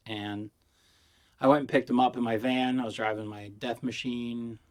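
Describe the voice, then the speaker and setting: A man who is high, telling stories in a loose, rambling vlog monologue, swearing and giggling as he goes. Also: fairly even intonation, moderate pace, a little mellow. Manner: profane storytelling with acted quotes. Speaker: vlogger reviewing vapes.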